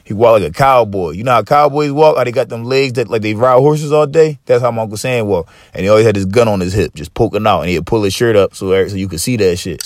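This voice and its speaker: A man's voice: medium pitch, dry recording. A man hosting a podcast in casual chat, swearing freely and rambling with many fillers and restarts. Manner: profane, rambling, lots of fillers and repeats. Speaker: podcast host.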